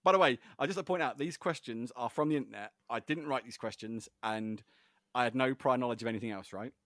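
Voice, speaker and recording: A male podcast host runs a casual quiz, chatty, rambling and quick to giggle. His voice sits in a middle pitch, recorded dry and close with no room sound. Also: a bit bright, dry recording.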